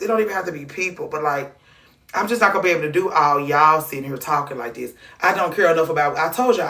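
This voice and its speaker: A woman's voice: lowish voice, a bit bright, distant mic. A woman hosting a casual livestream, talking candidly and profanely, rambling and restarting her sentences. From Atlanta. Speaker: livestream host. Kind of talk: casual livestream chat reacting to clips and comments.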